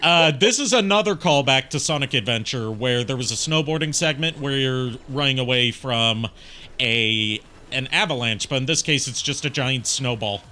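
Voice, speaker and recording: A man's voice: mid-range voice, moderate pace, bright, forceful tone, slight background noise. A man chatting casually on a game stream, rambling through his points, swearing freely and laughing at his own jokes. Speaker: stream guest.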